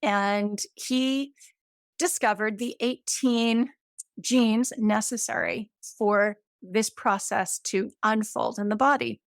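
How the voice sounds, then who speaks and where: A woman's voice: medium pitch, slow, creaky, no echo, studio quality. A woman in her fifties, a guest in an interview, explaining science with enthusiasm, checking in with "right?" and using everyday comparisons. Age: 50s.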